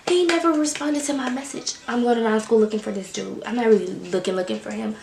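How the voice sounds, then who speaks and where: A young woman vlogger telling a story time, animated and slangy with quick bursts of emphasis. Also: fairly high pitch, creaky. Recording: roomy echo with faint music.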